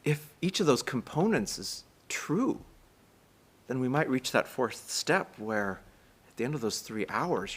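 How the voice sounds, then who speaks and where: An American man gives a conversational sermon from a synagogue, chatty and self-deprecating. He talks fast, at a middle pitch. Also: animated, a bit bright, breathy edge. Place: synagogue sanctuary, live stream.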